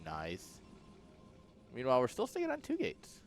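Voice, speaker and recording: A man casting a strategy game match in a relaxed, jokey play-by-play style, chuckling often. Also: mid-range voice, moderate pace, faint music behind. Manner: laid-back, chuckling, jokey. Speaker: esports caster. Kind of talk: casual play-by-play commentary.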